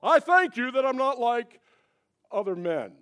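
A man voicing a pompous, self-righteous Pharisee who prays loudly and boasts in a high, strained voice. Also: big pitch swings, a little slow, full character voice. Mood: smug boasting. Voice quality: loud, showy, high strained voice. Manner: boastful, declaiming.

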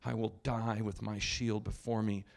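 A young Spartan soldier speaks his oath with slow, firm resolve, as a male preacher reads him out. The voice sits a little low and steady throughout. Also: vocal fry. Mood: solemn.

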